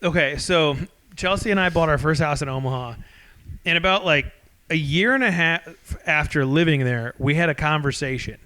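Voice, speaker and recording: A man's voice: fairly high pitch, normal speed, clean tone. A man in his thirties, co-hosting a podcast and telling crude stories with lots of laughter. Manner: animated storyteller, laughs often, crude. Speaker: podcast co-host. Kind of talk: casual podcast chat.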